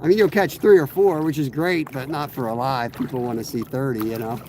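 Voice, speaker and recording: Hoarse guy with a cold chatting to his stream from a kayak, mid-pitched, faint water noise behind. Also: a little fast. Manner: rambling, relaxed, greets viewers by name. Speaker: fishing streamer. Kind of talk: casual live-stream chat while fishing. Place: outdoors in a kayak on a river.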